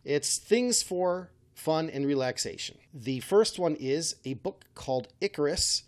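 A man's voice: fairly high pitch, lively intonation, unhurried. A man hosting a casual chat, rambling and correcting himself with a wry tone. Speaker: podcast host.

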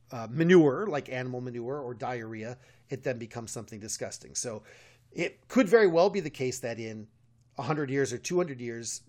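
An American man co-hosting a podcast, explaining at length with many fillers and restarts, chuckling often, recorded on a studio mic. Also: medium pitch. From United States. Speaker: podcast co-host, medievalist. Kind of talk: casual podcast chat.

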